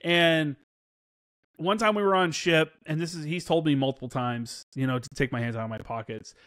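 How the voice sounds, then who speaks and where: A man's voice: a little high, moderate pace, fairly bright tone, no echo, clean studio sound. A man in his thirties, a former Marine, telling war stories casually in an interview, swearing freely and acting out quoted dialogue. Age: 30s.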